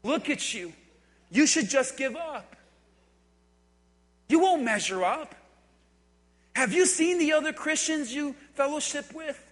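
Preacher voicing a taunting, scornful devil. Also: male voice, very high-pitched, slow pace, pauses often, a bit bright, heavily acted. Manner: mocking, scornful, coaxing. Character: taunting accusing male devil voice. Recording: echoey hall.

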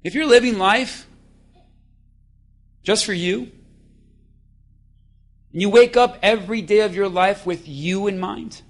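A man preaching a lively, playful sermon in church, calling for responses and acting out voices. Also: high-pitched, slow, pauses often. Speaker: pastor.

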